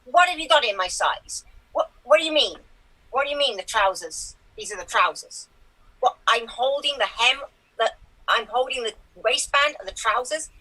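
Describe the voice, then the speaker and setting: A blustering, demanding short male film star, as a woman puts him on in improv. The voice is high and bright, with a sound, and the lines pile up in repetitions. Heard over a video call. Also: exaggerated voice, rough recording. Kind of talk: improv comedy impression.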